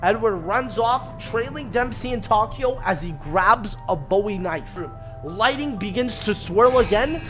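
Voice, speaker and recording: Brief: young male narrator, high and bright, comic read-aloud, faint music under. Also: expressive, a little slow, hardly any pauses. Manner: joking asides, swearing.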